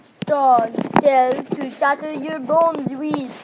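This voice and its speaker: A woman voicing a big, strong male snapping turtle who yells defiantly in a British accent. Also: high-pitched, steady tone, drawn-out words, heavy background noise. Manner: defiant yelling.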